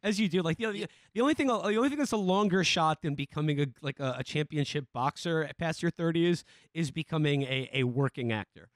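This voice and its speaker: Halting man on a dry podcast mic. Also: on the high side, lively intonation, dry recording. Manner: halting, many restarts and fillers. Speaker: podcast co-host. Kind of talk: casual film-discussion chat.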